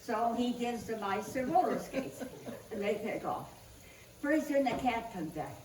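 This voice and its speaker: A woman's voice: on the high side, big pitch swings, measured pace, a little mellow. A woman speaking at a church service, telling jokes to the congregation and laughing at her own punchlines. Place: church hall. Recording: echoey room, distant mic, faint hiss.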